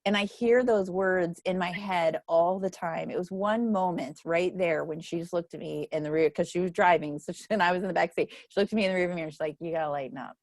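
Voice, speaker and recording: A woman's voice: lowish voice, fast talker, few pauses, a little mellow, dry recording, clean studio sound. A middle-aged woman leading a book club, chatting casually and laughing often as she tells stories. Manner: chatty, laughs often, acts out quoted voices. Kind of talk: casual group chat.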